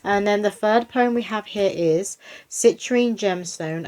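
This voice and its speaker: A woman's voice: mid-range voice, darkish tone. Chatty woman giving a psychic reading. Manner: chatty, rambling, with many fillers and restarts; reads short poems aloud slowly. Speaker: psychic medium doing a tarot reading. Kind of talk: casual spiritual reading.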